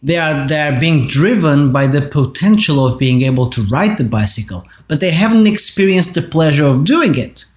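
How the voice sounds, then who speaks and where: A man's voice: on the high side, animated, moderate pace, few pauses. A man giving an earnest monologue on parenting, speaking directly to parents. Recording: roomy echo.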